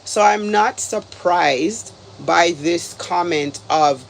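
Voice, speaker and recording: A man's voice: high-pitched, slow pace, creaky, a little hiss or hum. A man from Canada talking casually as a reaction video host, exasperated and rambling, with lots of "like"s. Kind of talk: casual commentary.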